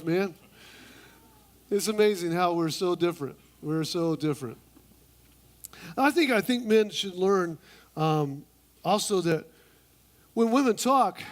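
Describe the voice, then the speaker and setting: A man preaching a humorous sermon in church, playfully acting out conversations and mimicking women in a high voice. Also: lively intonation, unhurried, pauses often. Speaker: pastor.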